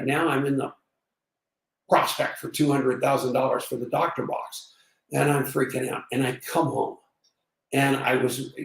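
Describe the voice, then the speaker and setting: A man in his sixties telling a story in an energetic, emphatic motivational monologue. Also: medium pitch, creaky. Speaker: network marketing vlogger. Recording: roomy, slightly distant mic.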